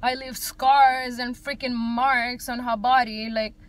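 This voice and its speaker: A woman's voice: fairly high pitch, flat delivery, takes it slowly. A young woman from Africa, a single mother, venting to her viewers in a casual vlog, blunt and heated, swearing freely and saying "like" often.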